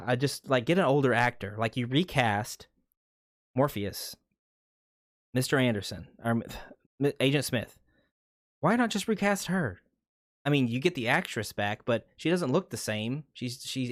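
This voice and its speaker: A man rambles through a casual movie review at a steady middle pitch. He wanders off on tangents and circles back to his point. The sound is close and dry, with no echo. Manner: rambling, loses his train of thought.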